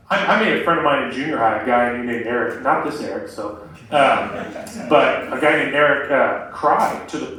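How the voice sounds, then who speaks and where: A man's voice: mid-range voice, fairly bright tone. A young man giving a casual campus sermon, talking in a loose way with lots of "like" and "um". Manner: conversational, many fillers like "like" and "um". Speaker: campus ministry speaker. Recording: echoey room from a distance.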